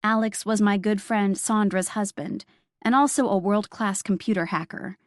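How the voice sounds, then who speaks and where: A woman reading a first-person audiobook in a wry, expressive storytelling manner. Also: medium pitch, normal speed, dry recording, studio quality. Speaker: audiobook narrator.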